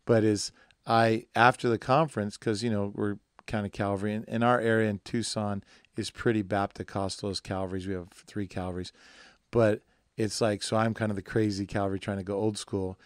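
A man's voice: fairly low pitch, flat delivery, moderate pace, no echo, studio quality. Man chatting in a rambling, joking way. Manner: rambling, joking, acts out quoted voices. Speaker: pastor. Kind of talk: casual conversation. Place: studio.

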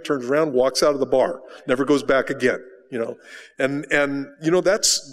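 A man's voice: fairly high pitch, long reverb tail. A male pastor giving a conversational sermon, asking rhetorical questions and repeating words as he rephrases, recorded in a church sanctuary. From United States.

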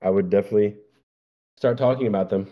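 A man's voice: fairly low pitch, fast talker. A man hosting a casual dating stream, laid-back and terse, swearing casually over a video call. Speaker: dating show host. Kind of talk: casual livestream chat. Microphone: video call microphone. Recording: dull lo-fi call audio.

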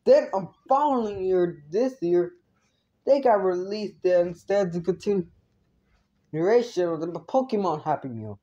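A woman's voice: fairly low pitch, expressive, a little slow, long pauses, warm tone, highs cut off. A woman giving an indignant review rant, swearing freely. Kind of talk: ranting review vlog.

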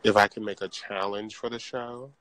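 A man's voice: lowish voice, flat delivery, normal speed, a bit bright, dry recording. A man, a drag performer, chatting casually and sassily to viewers on a live stream while shopping in a large craft store, talking into a handheld phone. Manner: chatty, sassy, addresses viewers as y'all.

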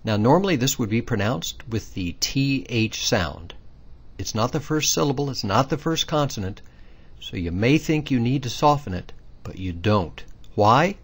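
A man's voice: medium pitch, lively intonation, moderate pace, slightly rough. A man giving a patient, methodical pronunciation lesson, explaining rules step by step and stressing the key words. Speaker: language teacher.

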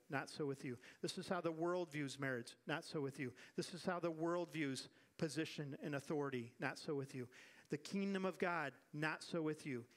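Animated male pastor preaching a sermon. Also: a little high. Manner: animated preaching with acted-out quotes and repeated refrains. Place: church sanctuary.

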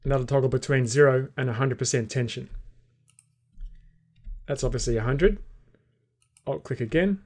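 A man teaching a software tutorial, calmly explaining each step while he clicks through the program. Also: mid-range voice, normal speed, long pauses. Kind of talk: screen-recorded software tutorial.

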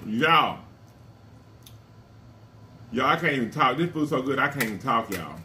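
A mukbang vlogger eats on camera and chats playfully with viewers between bites, calling them "y'all" and pausing with food in his mouth. His medium-pitched voice has lively intonation and a sharp tone. There's slight background noise.

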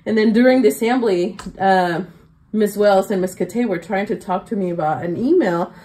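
Excitable young woman teacher telling stories. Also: medium pitch, normal speed, rough recording. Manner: excitable, many fillers and laughs. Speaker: teacher and podcast guest. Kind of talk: casual interview storytelling.

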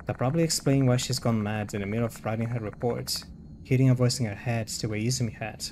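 A man's voice: medium pitch, steady tone, a little mellow, a little hiss or hum. Man reading game text aloud, plain voice. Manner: reads dialogue and narration plainly, breaking off for quick reactions. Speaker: streamer playing a horror visual novel.

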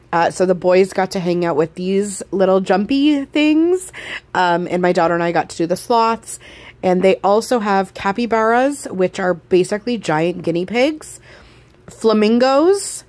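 A woman's voice: lowish voice, moderate pace, a little mellow, dry recording. A woman, a mother, narrating a family travel vlog in a chatty, enthusiastic way as she recommends an outing. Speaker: vlogger, mother on a family trip.

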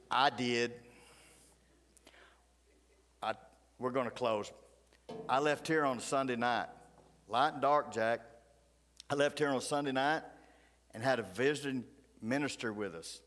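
A man's voice: medium pitch, moderate pace, long pauses. Fiery preacher man in reverberant church. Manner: folksy, fiery, swings between loud outbursts and hushed asides. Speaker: pastor. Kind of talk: animated storytelling sermon. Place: church sanctuary.

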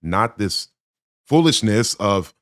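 A man's voice: on the low side, sing-song, slow, fairly bright tone, no echo, studio quality. A man giving blunt, critical reaction commentary on a sermon clip, speaking emphatically. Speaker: Christian commentator.

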